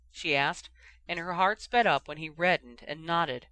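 A reader narrating a fan fiction audiobook in a steady, even storytelling manner. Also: medium pitch, unhurried, no room sound.

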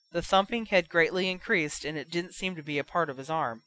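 A woman reading a fan fiction story aloud in a measured narration. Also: on the low side, sharp tone. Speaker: audiobook reader.

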